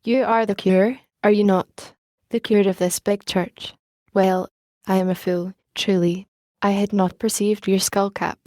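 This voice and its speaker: Woman reader as weary male ex-convict; humble, eager, warm dry read. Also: mid-range voice, flat delivery, measured pace, dry recording, lightly acted. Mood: earnest.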